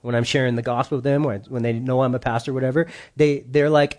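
A male pastor preaching a sermon in an animated way, acting out the quoted voices. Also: medium pitch, fast, hardly any pauses.

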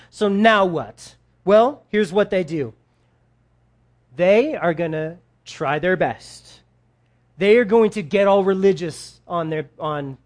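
Casual conversational Bible teacher. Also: medium pitch. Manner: conversational, slangy, paraphrasing scripture in everyday speech. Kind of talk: casual sermon.

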